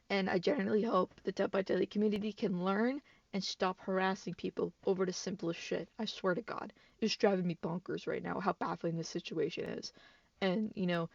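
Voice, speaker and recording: A young woman talking casually on her gaming vlog, rambling with fillers and swearing as she turns loud and incredulous. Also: medium pitch, vocal fry, dry recording, far from the mic, muffled recording. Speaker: gaming YouTuber.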